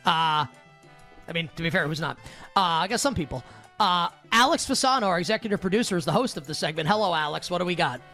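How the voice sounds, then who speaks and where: A man's voice: sits high, expressive, quick pace, pushed and bright, faint music behind. A man co-hosting a sports betting podcast, chatting casually with frequent stammered restarts and laughs. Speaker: podcast co-host.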